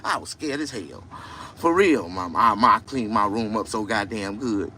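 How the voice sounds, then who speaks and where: A man telling crude comic stories, shouting and shrieking for effect. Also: fairly low pitch, animated, measured pace, heavy background noise. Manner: crude, loud, shrieking storytelling. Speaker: comedian. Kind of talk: comic monologue.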